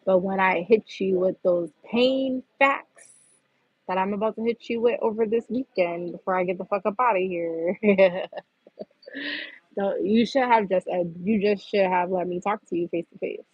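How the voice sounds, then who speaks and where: A woman's voice: mid-range voice, moderate pace, breathy edge, no echo, highs cut off. A woman hosting a livestream, venting bluntly and profanely in a heated rant. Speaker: livestream host.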